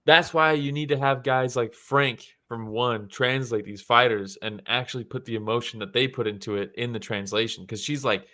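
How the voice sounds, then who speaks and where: A man's voice: medium pitch, steady tone, normal speed, hardly any pauses, pushed and bright. A young man co-hosting a podcast, chatting casually about fight photos and swearing freely as he acts out quotes. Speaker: podcast co-host.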